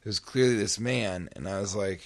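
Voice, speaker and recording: A man's voice: lowish voice, brisk. A man hosting a podcast, casually telling a comic story and acting out the sounds and voices in it. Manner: animated, acts out sounds and voices. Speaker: podcast host.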